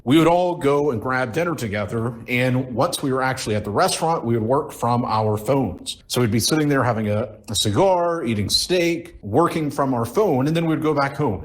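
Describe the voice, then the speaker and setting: Young male storyteller, motivational talk, emphatic and repetitive, mid-range voice. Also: mid-range voice. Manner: emphatic, repetitive, direct address to listener. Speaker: former team member telling stories.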